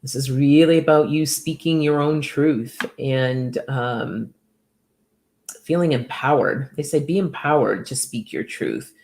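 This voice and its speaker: A woman's voice: extremely low pitch, a little slow, darkish tone. A woman giving casual oracle card readings to viewers by name, chatty and upbeat, laughing often.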